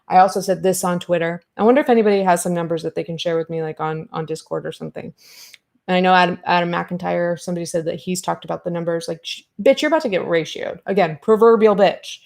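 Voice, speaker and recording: Fired-up woman podcast host, gravelly edge. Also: lowish voice, fast. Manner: animated, fired-up retelling with quoted back-and-forth. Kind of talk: commentary podcast chat.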